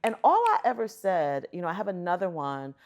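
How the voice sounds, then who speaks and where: A middle-aged woman, a guest on an interview show, telling stories in an animated, emphatic way. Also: on the low side, fairly quick. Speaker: guest, arts center chief executive. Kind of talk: conversational storytelling.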